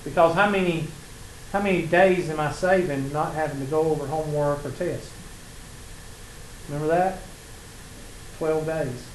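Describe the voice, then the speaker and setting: A Southern man lecturing a math class in a folksy, teasing way, his voice sitting a little high for a man. The room is echoey, with a faint hum of classroom ambience behind him. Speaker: math instructor.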